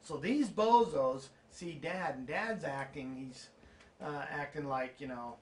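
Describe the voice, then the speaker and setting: A man's voice: fairly high pitch, expressive, measured pace. Eager man retelling his dad's story. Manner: eager, laughing, prompting his dad. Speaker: channel host. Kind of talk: casual storytelling and viewer Q&A.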